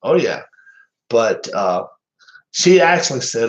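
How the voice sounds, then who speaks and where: A man's voice: mid-range voice, animated, a little slow, poor audio. A man with a Southern American accent, casually calling the plays of a tabletop baseball replay, rambling and chuckling often at himself. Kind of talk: casual play-by-play chat.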